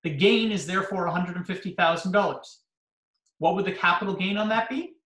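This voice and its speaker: Man, fairly high voice, lecture, asks and answers his own questions, echoey room. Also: a little fast, fairly bright tone. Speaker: lawyer teaching real estate agents.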